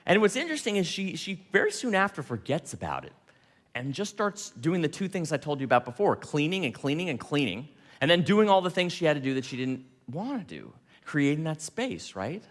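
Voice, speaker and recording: A man giving a storytelling talk, animated and laughing, quoting people in dialogue. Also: a little high, brisk, long reverb tail. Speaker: speaker.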